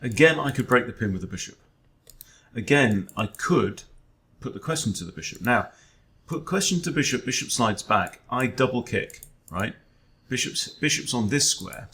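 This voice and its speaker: A man's voice: mid-range voice, expressive, normal speed, sharp tone. A man, a chess coach, thinking aloud during an online game in a wry, self-deprecating way, often muttering to himself.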